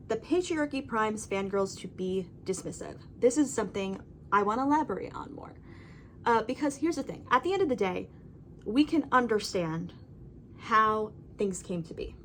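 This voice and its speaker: A woman's voice: on the high side, slight background noise. A woman talking to her camera at home in a casual, rambling monologue. She is emphatic and keeps checking in with "right?" and "you know". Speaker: vlogger.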